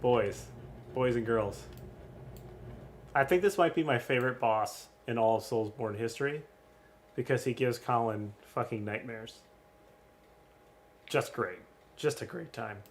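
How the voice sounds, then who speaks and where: A young man streaming casual game commentary, rambling and swearing freely between frequent ums. His pitch sits in an ordinary middle range. A faint hiss of background noise runs under the recording. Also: a little slow, pauses often. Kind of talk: casual crude gaming commentary.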